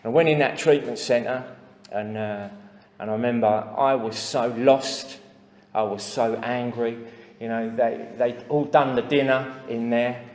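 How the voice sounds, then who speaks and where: A man's voice: medium pitch, steady tone, a little slow, darkish tone. A man with an English accent sharing his recovery story at a meeting, plain-spoken and full of asides and fillers. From England. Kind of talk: personal testimony to a recovery meeting. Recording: echoey hall with long reverb.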